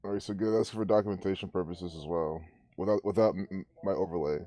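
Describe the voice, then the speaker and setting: A man's voice: low-pitched, fairly even intonation, fast, warm tone, dry recording. A man hosting a live stream, ranting and rambling with many restarts as he comments. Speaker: livestream host.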